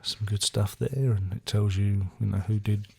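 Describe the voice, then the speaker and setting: A man's voice: lowish voice, fairly even intonation, moderate pace, creaky, darkish tone, husky. A man casually reviewing his record collection, rambling with dry self-mocking jokes. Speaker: album reviewer. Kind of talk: casual chat.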